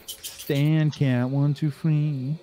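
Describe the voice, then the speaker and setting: A man's voice: on the high side, flat delivery, very slow, dark tone, a little hiss or hum. Sweary Scottish man on a call. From Scotland. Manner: swears a lot, mock-arrogant. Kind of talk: casual gaming chat.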